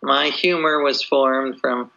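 A man's voice: medium pitch, fairly even intonation, slow, vocal fry, sharp tone. A man being interviewed as an author, answering casually and hesitantly, with lots of fillers and restarts. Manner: hesitant, many "you know" fillers and restarts. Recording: dull lo-fi audio.

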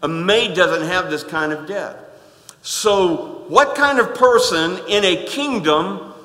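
A man's voice: high-pitched, takes it slowly. Folksy man preaching in an echoey hall. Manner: emphatic, folksy, swings from quiet asides to loud stresses. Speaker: pastor. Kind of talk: sermon. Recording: echoey hall with long reverb.

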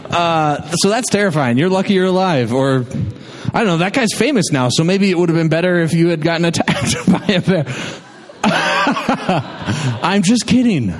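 A man's voice: a little high, animated, normal speed, long reverb tail. A man hosting a live storytelling night, cracking jokes and laughing through rambling stage banter.

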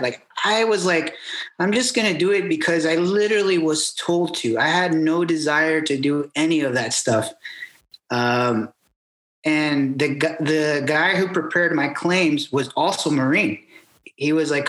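A man's voice: medium pitch, a bit bright. Echoey man telling his veteran story. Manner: halting, repeats words, acts out quoted exchanges. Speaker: military veteran guest. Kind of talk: candid personal storytelling.

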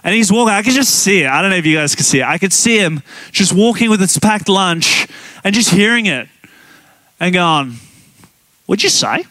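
A man preaching a sermon as guest pastor, telling the story with animated emphasis and frequent laughs. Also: sits high, brisk, no echo.

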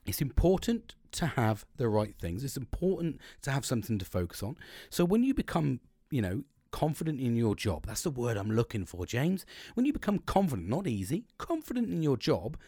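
A man's voice: fairly high pitch, darkish tone, no room sound, clean studio sound. A middle-aged British man chatting on a podcast, rambling and blunt, with frequent swearing. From Britain. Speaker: podcast co-host. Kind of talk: casual chat.

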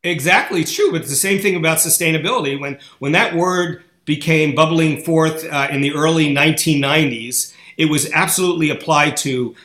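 A man giving an interview, making a forceful, opinionated argument. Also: fairly high pitch, brisk, hardly any pauses, echoey room. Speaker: interview guest. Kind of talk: podcast interview.

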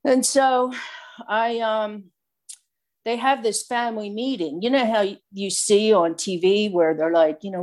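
A woman casually telling a personal recovery story in an animated, chatty way, full of fillers. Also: medium pitch, measured pace. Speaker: speaker sharing a recovery story.

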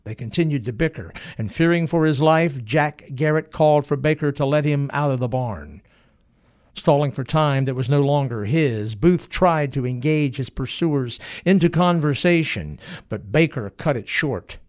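A man giving scripted documentary narration, telling a historical event in a dramatic, measured way. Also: on the high side, animated, a little mellow.

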